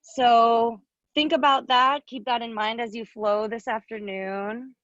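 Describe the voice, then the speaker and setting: Friendly woman, yoga teacher, calm cues, slightly high voice, dry lo-fi call audio. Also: unhurried, no echo. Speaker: yoga instructor. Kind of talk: guided yoga class over video call. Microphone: video call microphone. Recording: dull, lo-fi video call audio.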